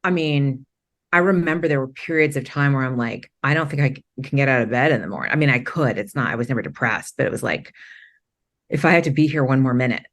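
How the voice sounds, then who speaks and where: With a very deep voice, a middle-aged woman from Maine guests on a podcast and openly recounts her story, rambling along with frequent restarts and quick bursts of laughter.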